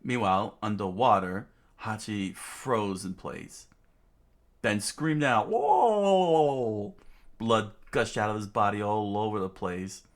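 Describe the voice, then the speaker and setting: A man casually reading a manga aloud, halting often with fillers and restarts. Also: on the low side, fairly bright tone. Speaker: reader.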